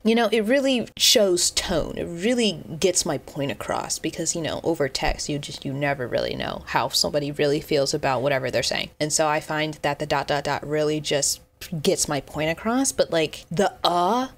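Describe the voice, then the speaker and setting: A young woman with a notably low voice riffs through an unscripted reaction video. She rambles, jokes at her own expense and restarts her sentences often, keeping it casual and chatty. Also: normal speed, gravelly. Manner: rambling, joking, self-deprecating, many restarts. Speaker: YouTuber reacting to a Twitter thread.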